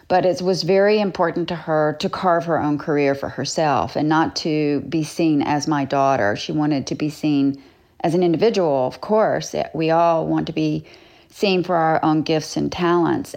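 A woman's voice: deep voice, a little mellow. A woman actress as an interview guest, speaking reflectively and thoughtfully about her role. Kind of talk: radio interview.

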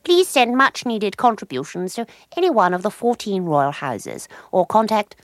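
A woman's voice: medium pitch, sing-song, normal speed, no room sound, clean studio sound. A woman voicing a haughty aging royal lady with an upper-class English accent, plummy and stately. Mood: regal. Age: 50s. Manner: plummy, stately, self-important.

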